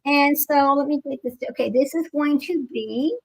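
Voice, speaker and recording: A woman's voice: high voice, moderate pace. A woman hosting her own channel, chatting casually and rambling in a distracted, incredulous way while she looks for videos. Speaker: channel host.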